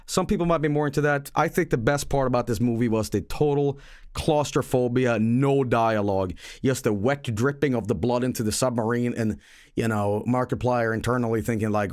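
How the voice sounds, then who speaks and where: A man's voice: mid-range voice, fairly quick, darkish tone, no room sound, clean studio sound. A man streaming live, chatting casually about a movie he saw, with rambling, profane, joking storytelling.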